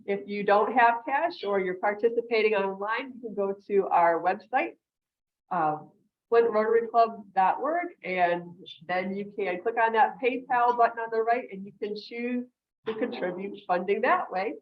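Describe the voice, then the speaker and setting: A woman's voice: mid-range voice, normal speed, dull audio. A woman club president hosting a meeting on a video call, upbeat and explanatory with fillers. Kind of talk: meeting announcements.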